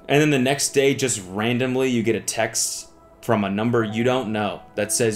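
A man hosting comedic commentary, animated and exaggerated, swearing freely. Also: mid-range voice, normal speed, faint music behind. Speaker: comedy host.

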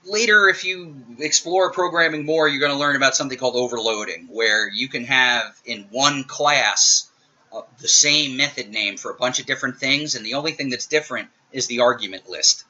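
Bright-toned casual male programming teacher. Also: medium pitch, moderate pace. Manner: casual, joking, talks while typing. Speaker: programming instructor. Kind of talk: recorded screencast lecture. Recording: dull lo-fi audio.

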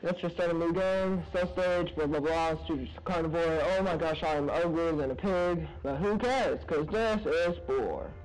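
High-voiced goofy male gamer. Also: normal speed, few pauses, low-quality recording. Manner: rambling, goofy, breaks into excited high-pitched yelps. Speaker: gaming commentator. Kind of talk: casual let's-play commentary. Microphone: low-quality microphone.

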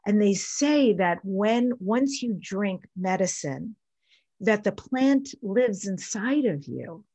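A middle-aged woman hosting a podcast, responding to her guest in a warm, affirming way. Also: mid-range voice, animated, slow, slightly rough, no echo. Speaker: podcast host. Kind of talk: interview conversation.

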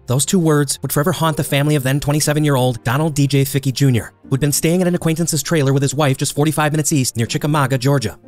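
Fast-paced male true crime narrator. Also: a little high, fairly even intonation, a little mellow, faint music behind. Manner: brisk, measured storytelling. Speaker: podcast host and narrator.

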